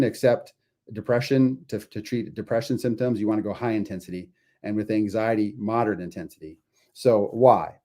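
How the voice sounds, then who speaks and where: A middle-aged man with a fairly low, mellow voice talks the listener through a lesson. He keeps it conversational, tossing out questions and acting out the voices in people's heads. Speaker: podcast host. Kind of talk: explaining a lesson.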